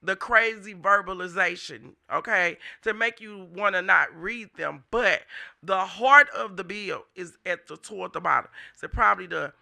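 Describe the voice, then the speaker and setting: Gravelly, high-pitched St. man ranting. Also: normal speed, pushed and bright. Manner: heated, profane, blunt. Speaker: show host. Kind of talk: unscripted ranting monologue.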